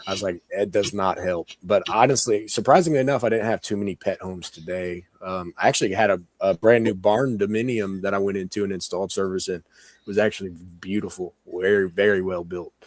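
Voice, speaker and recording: A man talks in a low, hoarse, worn-out voice, as if fighting a sore throat. He rambles casually with lots of fillers as co-host of a streamed chat. The sound is dry and close. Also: brisk, no echo. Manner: rambling, chatty, many "like" fillers and laughs. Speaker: podcast co-host.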